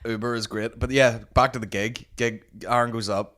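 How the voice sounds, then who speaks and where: A Northern Irish man hosting a comedy podcast, telling stories in a sweary, animated way. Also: medium pitch, normal speed. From Northern Ireland. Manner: sweary, animated storytelling with put-on voices. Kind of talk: casual chat.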